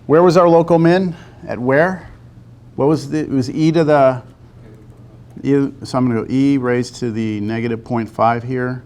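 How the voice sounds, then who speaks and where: A man teaching a calculus lesson to a class. He talks through a graph step by step and keeps pausing to ask the students whether they see it. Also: mid-range voice, steady tone, a little mellow. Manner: talks to the class, asks lots of check-in questions. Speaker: math teacher.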